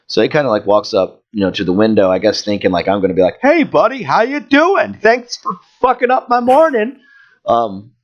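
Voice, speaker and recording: A man co-hosting a podcast tells a story in casual conversation, cursing nonstop and getting more and more worked up, heated and animated. His voice is low-pitched and the sound is lo-fi.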